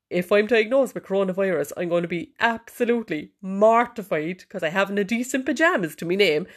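A woman with an Irish accent hosting a podcast, chatting in a cheeky, sweary way from her bedroom. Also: medium pitch. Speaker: podcast host. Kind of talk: casual chat. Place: bedroom, sitting on the bed.

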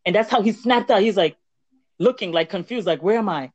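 A woman chats on a faith podcast and tells a story, lively and acting out the quoted lines. The sound is muffled and lo-fi. The room is dry and close. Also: mid-range voice, brisk, dry recording. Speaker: podcast co-host. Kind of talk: casual faith chat. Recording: dull lo-fi dry recording.

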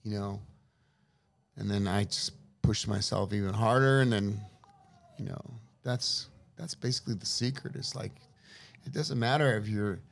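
A middle-aged man from Los Angeles, a guest telling lively, profane stories about his father in casual chat. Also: fairly low pitch, normal speed, vocal fry. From Los Angeles, USA. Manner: profane, lively anecdotal storyteller. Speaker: interview guest. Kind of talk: casual storytelling.

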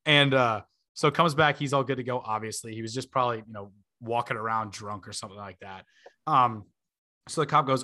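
A man's voice: mid-range voice, a little fast, pushed and bright. A man in his twenties, a podcast host, telling a long story in a casual way, full of fillers and laughing asides.

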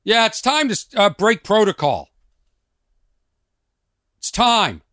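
A man's voice: sits high, sing-song, takes it slowly, fairly bright tone, no echo, clean studio sound. A man hosting a podcast, ranting in a casual monologue from a trailer outside his home. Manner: ranting, rhetorical questions. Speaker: podcast host and comedian.

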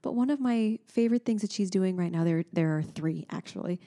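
A woman in her thirties co-hosting a casual chat, telling stories in an animated way and often trailing off to restart. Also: fairly low pitch, fairly quick. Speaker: podcast co-host.

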